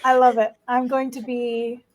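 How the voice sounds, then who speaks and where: A woman playing in a tabletop role-playing game, playful and halting as she speaks. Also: on the high side, little pitch movement, a little mellow, low-quality recording. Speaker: player.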